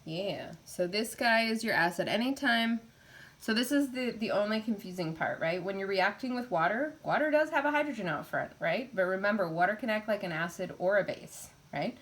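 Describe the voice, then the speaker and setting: A woman's voice: medium pitch, expressive, moderate pace, a bit bright. Woman, chemistry instructor, casual lecture, chatty, lots of filler words. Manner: chatty, frequent "like" and laughing asides. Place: college chemistry classroom.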